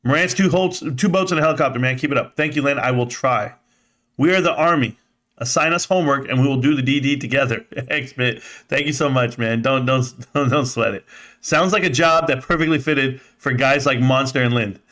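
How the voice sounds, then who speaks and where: A man hosting a casual live stream, reading chat aloud and thanking viewers by name. He rambles in an animated, sometimes profane way and says he feels out of breath. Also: medium pitch, brisk. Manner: rambling, animated, swearing, laughs often.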